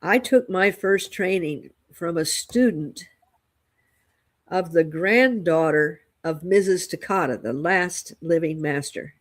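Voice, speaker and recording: A woman's voice: on the low side, takes it slowly. A woman co-hosting a casual spiritual chat show, a Reiki master teacher who tells her story reflectively and with restarts.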